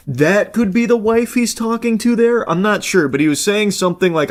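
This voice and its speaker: A man's voice: high-pitched, lively intonation, a little fast, few pauses. Rambling man with a raised voice. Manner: rambling, swears casually, jokey asides. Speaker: host. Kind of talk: casual reaction commentary.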